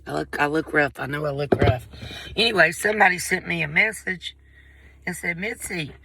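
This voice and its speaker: A woman's voice: deep voice, fairly quick, creaky, sharp tone, husky. A woman with a Southern Appalachian accent who chats casually to the camera, rambling and folksy and often breaking off her own sentences. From Appalachian coal country, US. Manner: rambling, folksy, interrupts herself. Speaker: vlogger.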